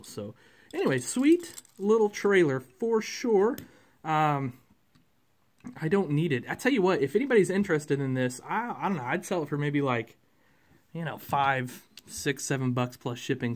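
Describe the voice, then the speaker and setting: A man, casually reviewing a model truck in a rambling, chatty way with many fillers. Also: fairly high pitch.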